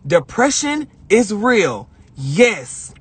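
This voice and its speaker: A woman's voice: medium pitch, big pitch swings, very slow, breathy edge, no echo. A young woman hosting a live stream, telling a personal story in an emotional, rambling way and often repeating herself. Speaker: livestream host.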